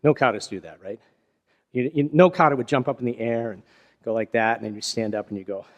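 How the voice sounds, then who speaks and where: Karate teacher in an echoing dojo. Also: male voice, medium pitch, a little fast, lo-fi sound. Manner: explanatory, chatty, self-deprecating with laughs. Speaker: karate instructor. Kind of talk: hands-on martial arts teaching. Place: large karate dojo with a partner. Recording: long hall reverb.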